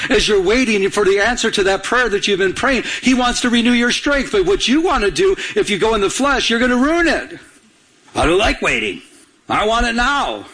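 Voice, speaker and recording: A man's voice: high-pitched, a bit bright, slightly rough. A male pastor preaching a sermon with urgency, repeating lines and prompting the congregation to answer. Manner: urgent, repetitive, call-and-response preaching.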